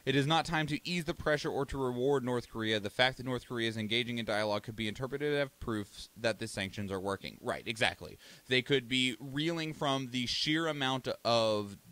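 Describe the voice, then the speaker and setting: Brisk and nearly pause-free, this young man from the United States speaks in a mid-range, fairly bright voice. As a podcast host doing casual solo commentary, he rambles, swears, and acts out countries in mock voices.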